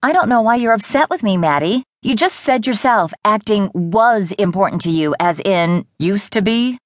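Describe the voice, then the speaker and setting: A woman's voice: mid-range voice, lively intonation, normal speed, no room sound, studio quality, lightly acted. A woman narrator voicing a young woman, a blunt, patronizing best friend, in an audiobook. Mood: dismissive. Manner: dismissive, patronizing. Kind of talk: audiobook character voice.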